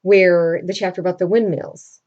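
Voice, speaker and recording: A woman casually quoting a proud, scheming middle-aged nobleman in a raised pitch while retelling a story. The recording sounds dull and lo-fi. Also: steady tone, normal speed, darkish tone, lightly acted.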